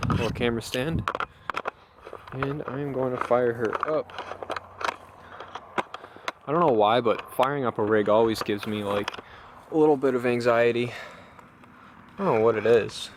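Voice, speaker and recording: A man's voice: mid-range voice, slight background noise. A man vlogging casually about his hobby car, rambling and enthusiastic, with lots of ums and uhs. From Canada. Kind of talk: casual show-and-tell vlog.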